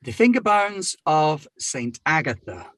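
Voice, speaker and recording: A man's voice: a little high, big pitch swings, measured pace, fairly bright tone, no echo. A man running a tabletop game as game master, narrating matter-of-factly with wry asides.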